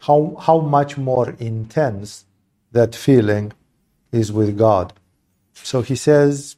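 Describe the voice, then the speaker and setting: A man's voice: mid-range voice, slow pace, dark tone. A man giving a satsang talk as a spiritual teacher, speaking with blunt passion, swearing freely and tossing rhetorical asides to his listeners.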